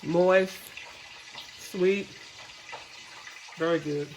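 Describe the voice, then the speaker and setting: A woman's voice: on the low side, fairly even intonation, very slow, echoey room, slight background noise, low-quality recording. A woman hosting a cooking video, casually showing and tasting her home-cooked food. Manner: homey, churchgoing, tastes food on camera with mouth full. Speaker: cooking channel host.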